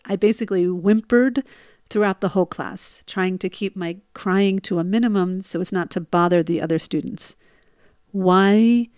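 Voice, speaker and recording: Woman, 40s, storyteller; emotional, rising bursts, mid pitch. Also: darkish tone, no echo, studio quality. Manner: emotional, re-lives her panic in rising bursts. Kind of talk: personal storytelling.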